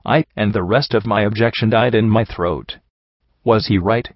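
Low-voiced man narrating a storybook. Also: moderate pace, no room sound. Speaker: audiobook narrator. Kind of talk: first-person storybook narration. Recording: dull lo-fi audio.

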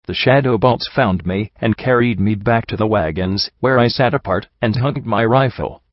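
Male narrator, low voice, earnest first-person story reading, dry muffled lo-fi recording. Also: moderate pace, no echo. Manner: earnest, emotional.

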